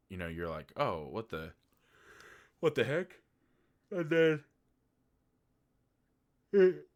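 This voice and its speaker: Deep-voiced man rambling a movie review. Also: a bit bright. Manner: rambling and candid, with lots of "like" and swearing. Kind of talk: casual spoken movie review.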